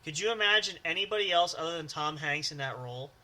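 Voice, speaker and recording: A man's voice: a little high, animated, quick pace, a loud crowd. A man co-hosting a casual podcast chat who laughs often and breaks into stammering movie impressions. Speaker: podcast co-host.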